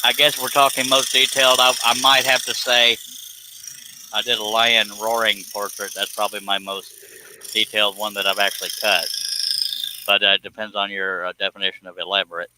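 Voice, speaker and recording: A man's voice: lowish voice, little pitch movement, a little fast, background noise. A man hosting a live stream, chatting casually in an easygoing, self-deprecating way with hesitant fillers. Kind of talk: casual chat.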